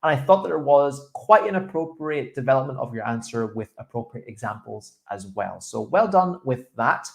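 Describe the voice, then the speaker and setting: Young male speaking coach, mid pitch, encouraging, models pronunciation. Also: animated, normal speed, creaky, few pauses. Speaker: IELTS speaking teacher. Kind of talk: feedback after a mock speaking test.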